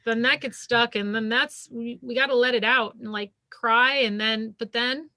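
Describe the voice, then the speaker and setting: A woman's voice: a little high, fairly even intonation, normal speed, pushed and bright, dry recording. A middle-aged woman talking as a podcast guest, telling stories earnestly with many likes and you-knows. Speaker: podcast guest, shamanic healer and former physician. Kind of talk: casual interview chat. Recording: dry close sound.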